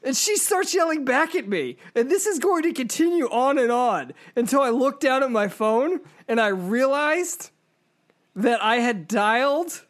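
Podcast host lady, kinda high voice, swearing and going off in a fired-up story. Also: measured pace. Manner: animated, profane storytelling. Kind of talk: casual chat.

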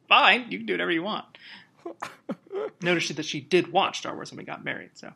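A man's voice: sits high, big pitch swings, normal speed, gravelly, background noise. A man co-hosting a podcast in casual chat, laughing often as he runs through loose, joking plugs. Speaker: podcast co-host.

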